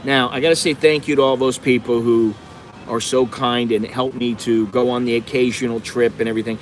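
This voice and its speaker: Speaking briskly with fairly even intonation, a medium-pitched middle-aged man from the United States rants profanely on a vlog livestream, telling blunt stories that keep veering off. The low-quality recording comes from a phone on an indoor windowsill, with slight background noise and city traffic audible outside.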